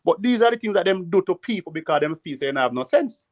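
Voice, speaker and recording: A Jamaican man telling rambling, animated stories in patois during a casual panel chat. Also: high-pitched, fast talker, dry recording, clean studio sound. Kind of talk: casual storytelling. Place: living in the United States.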